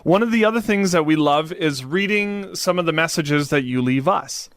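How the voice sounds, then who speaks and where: Male co-host, casual podcast chat, playful and teasing, fairly high voice, dry sound. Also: moderate pace, fairly bright tone, dry recording. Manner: playful, teasing, reads listener messages aloud.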